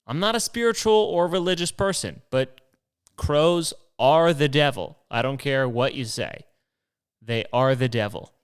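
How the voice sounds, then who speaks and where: A man's voice: mid-range voice, animated, normal speed, clean tone. A young man hosting his own show, rambling through stories in a casual, profane, self-deprecating way. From New York. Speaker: podcast host.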